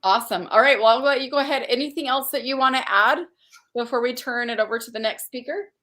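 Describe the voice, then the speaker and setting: A woman's voice: on the high side, quick pace, sharp tone. A woman hosting a livestream conference, chatting casually and effusively while reading out viewer comments. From Utah. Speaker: conference host.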